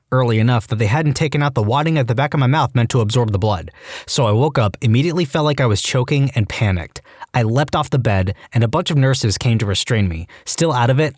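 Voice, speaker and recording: A man reading online stories aloud as a narrator, with a deadpan comic delivery. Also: mid-range voice, dry recording, clean studio sound. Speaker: story narrator.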